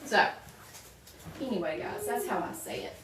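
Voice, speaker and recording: A woman's voice: on the low side, normal speed, fairly bright tone, slight background noise. A woman with a Southern accent hosting a crafting livestream, chatting upbeat and straight to her viewers. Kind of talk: casual live chat while working. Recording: roomy, mic at a distance.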